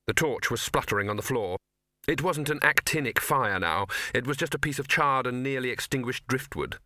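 In clean studio sound without echo, a medium-pitched man reads an audiobook aloud. His storytelling is measured yet expressive.

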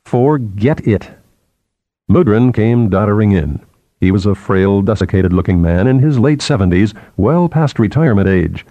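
A man reads a novel aloud, measured and expressive. His voice sits low and mellow, its pitch rising and falling freely, in a dry, close recording. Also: no echo. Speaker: narrator. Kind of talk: scripted audiobook narration.

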